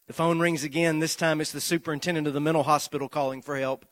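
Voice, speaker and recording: A man preaching a sermon, moving from slow, measured lists to loud, rising repetition as he tells a story. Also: on the high side, steady tone, no room sound.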